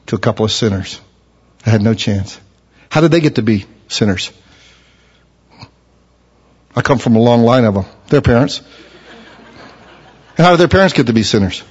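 Male preacher, middle-pitched, swinging between hushed and fervent delivery, long hall reverb. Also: husky, muffled recording. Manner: rises to loud impassioned preaching, then drops low and quiet. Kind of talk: sermon.

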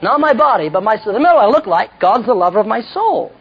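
Husky man preaching a humorous sermon. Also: sits high, big pitch swings, fast talker. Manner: storytelling, jokey asides, self-mocking. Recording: dull lo-fi recording.

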